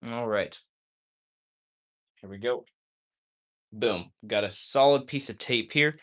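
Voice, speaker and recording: A man hosting a casual livestream who talks while flipping a balisong. He gets excitable and keeps tagging sentences with "all right?". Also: fairly low pitch, slow. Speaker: livestream host.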